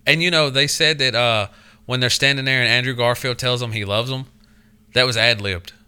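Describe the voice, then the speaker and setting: A man's voice: mid-range voice, moderate pace, bright, forceful tone, smooth. A man co-hosting a podcast, chatting casually, swearing and acting out the lines of people in his stories. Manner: profane storyteller, acts out quotes. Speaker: podcast co-host. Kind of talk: casual chat.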